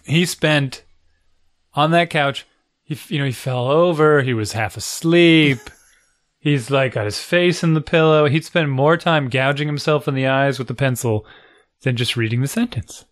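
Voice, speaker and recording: A middle-aged man chatting casually as a co-host, telling animated stories about his kids and acting out their lines. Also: medium pitch, measured pace, dry recording, clean studio sound. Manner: animated storyteller, acts out quotes. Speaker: parent and co-host. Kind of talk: casual chat.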